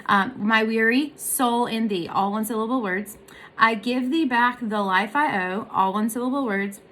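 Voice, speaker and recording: A woman's voice: on the high side, moderate pace, a bit bright. A woman giving a casual music lesson, explaining in a chatty way and singing short examples. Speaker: voice teacher.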